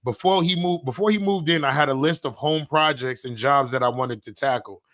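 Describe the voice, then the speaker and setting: A man in his thirties co-hosting a casual podcast, telling animated stories and acting out quotes. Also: medium pitch, a little fast. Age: 30s. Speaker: podcast co-host. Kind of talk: casual chat.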